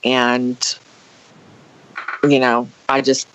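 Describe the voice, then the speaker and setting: A woman guest on a podcast, telling a story casually with dramatic, animated flair and acted-out quotes. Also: a bass voice, drawn-out words, slight background noise. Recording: dull lo-fi podcast audio.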